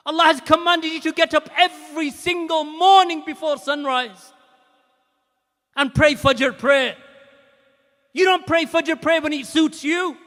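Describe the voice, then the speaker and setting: A male preacher delivers an emphatic sermon in a very high, bright, forceful voice. He hammers his points through repetition and sometimes breaks into shouts. A long reverb trails his words as if in a large hall.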